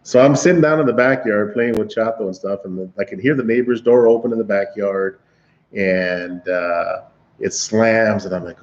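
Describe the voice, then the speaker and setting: A man's voice: medium pitch, normal speed, highs cut off. A man hosting a livestream, casually telling a long, laughing story to his chat with lots of restarts. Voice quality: rambling, laughing, with frequent restarts. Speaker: livestream host.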